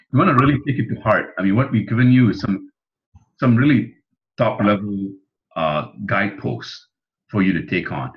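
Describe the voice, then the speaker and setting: Man, earnest coaching host, a bit low. Dull lo-fi audio. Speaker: webinar host and speaker trainer. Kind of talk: webinar presentation.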